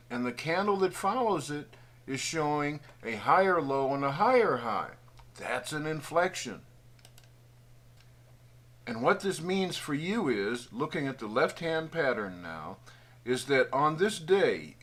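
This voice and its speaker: A man's voice: fairly high pitch, fairly bright tone. A man giving a folksy, patient trading tutorial over a screen recording, thinking aloud as he draws on charts. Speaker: trading educator.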